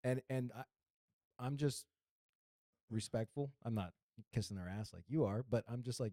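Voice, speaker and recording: A man's voice: medium pitch, moderate pace, long pauses, dark tone, no echo, studio quality. A man co-hosting a podcast in a casual chat, blunt and profane. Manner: blunt and profane, talks over the other host. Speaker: podcast co-host.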